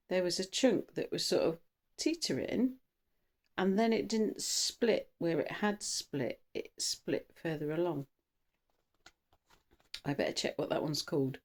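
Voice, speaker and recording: A woman's voice: on the low side, very animated, takes it slowly, pauses often, darkish tone. Chatty, rambling woman tarot reader. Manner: chatty and rambling, trails off and restarts; buzzy from coffee, bursts of speed. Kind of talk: casual tarot reading.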